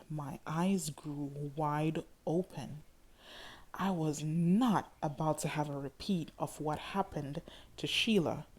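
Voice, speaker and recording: Low, slow-reading woman narrator. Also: darkish tone. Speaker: audiobook reader. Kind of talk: first-person urban fiction narration.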